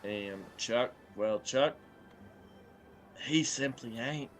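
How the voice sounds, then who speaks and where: A man's voice: medium pitch, very slow, soft background music. A man playing a pompous male governor in a tabletop game, speaking in a grand, folksy drawl. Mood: grandiose.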